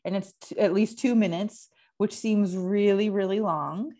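A woman and parent talking casually about calming techniques, chatty and laughing often. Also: mid-range voice, unhurried. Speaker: parent and therapist. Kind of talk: casual conversation.

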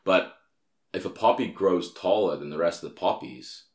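A man's voice: deep voice, moderate pace, roomy sound. A young Australian man in casual chat, a profane, rambling storyteller. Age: young adult. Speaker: comedian and podcast host.

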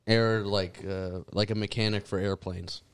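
A man's voice: on the low side, flat delivery, measured pace, a little hiss or hum. A man hosting a podcast, chatting in a brash, crude, joking way. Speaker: podcast host. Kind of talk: casual chat.

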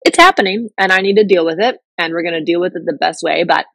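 A woman's voice: on the low side, quick pace, gravelly, fairly bright tone, no room sound, poor audio. Chatty, candid woman talking in a dry room. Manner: candid, chatty, many fillers and restarts. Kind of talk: casual personal talk.

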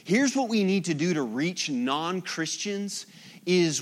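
A man's voice: high voice, expressive, slow. A man preaching a sermon as pastor, emphatic, with rhetorical repetition.

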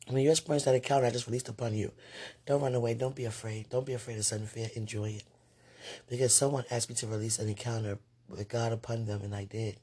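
A woman with a deeply husky, breathy voice talks casually to her viewers about faith. She sounds sleepy and often drops into whispered asides, then perks up in brief animated bursts. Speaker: online talk host.

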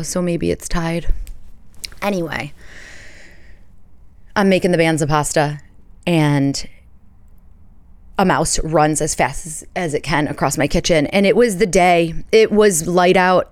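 A woman's voice: fairly low pitch, dry recording. A woman in her thirties from the United States hosting a podcast, chatting casually and telling stories with playful asides. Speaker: podcast host. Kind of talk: casual chat.

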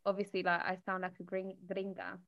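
A woman in casual chat, telling stories in an animated way. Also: mid-range voice, a little fast, vocal fry, dull audio.

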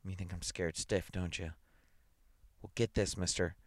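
A man's voice: low-pitched, steady tone, unhurried, no room sound, clean studio sound. A man reading aloud and voicing a nervous, blustering male newspaper columnist who talks in slang. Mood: defensive.

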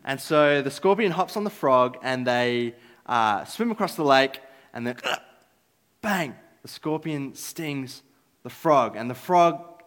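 A man's voice: mid-range voice, a bit bright. A man giving a casual, filler-filled talk about trust at a church gathering. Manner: casual, chatty with many fillers. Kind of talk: sermon-style talk. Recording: echoey hall.

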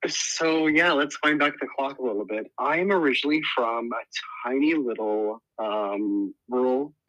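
A man's voice: mid-range voice, measured pace, fairly bright tone, no room sound, rough recording. A man from Nebraska, an interior designer, telling his story in a friendly, laughing way on a podcast. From Nebraska, United States.

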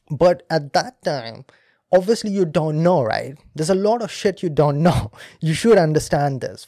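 A man hosts a casual podcast, chatting and laughing as he walks through science one step at a time. His voice sits a bit high yet sounds mellow and soft-edged. The recording is close and dry, with no room sound. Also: no echo. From India. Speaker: podcast host. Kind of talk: casual explanatory podcast talk.

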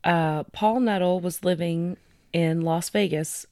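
A woman's voice: on the low side, slow pace, warm tone, no room sound, studio quality. A woman co-hosting a casual true-crime podcast, relaying news stories from her notes with frequent fillers. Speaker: podcast co-host.

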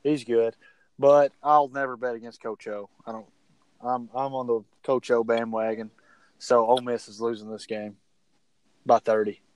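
A man's voice: mid-range voice, flat delivery, moderate pace, darkish tone, low-quality recording. A man co-hosting a casual sports picks podcast, talking in a rambling, chatty way. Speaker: podcast co-host.

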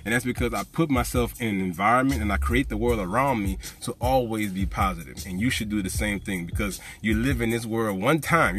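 A man's voice: on the low side, a bit bright. A man hosting a motivational podcast, preachy and fired up, repeating phrases for emphasis. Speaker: podcast host.

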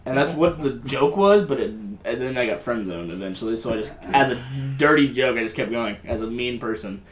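A man's voice: medium pitch, animated, a little fast, roomy sound, slight background noise. A young man co-hosting a podcast, telling a story in a casual, swearing, laughing way. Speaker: podcast co-host. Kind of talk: casual group chat.

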